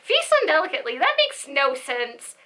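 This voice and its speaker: A woman's voice: high-pitched, huge pitch swings, moderate pace, sharp tone, poor audio. A young woman telling a rambling, giggly storytime vlog with side tangents. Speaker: vlogger.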